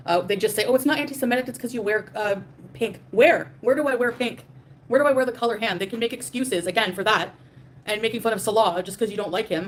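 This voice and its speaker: A woman's voice: medium pitch, slight background noise. A young adult woman hosting a livestream, ranting defiantly and profanely at her chat, with many fillers. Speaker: livestream host. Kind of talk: livestream rant reading super chats.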